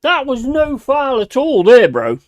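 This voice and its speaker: A man's voice: very high-pitched, wildly swooping pitch, a little slow. A man streaming a football watch-along, swearing and ranting at the players and the referee. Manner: shouting in bursts of outrage. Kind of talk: live match watch-along commentary.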